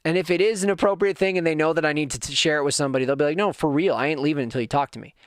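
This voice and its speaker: A man's voice: a little high, very fast, clear, resonant tone, no echo, clean studio sound. A man hosting a podcast, talking candidly and earnestly in a personal monologue that builds to fired-up moments. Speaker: podcast host.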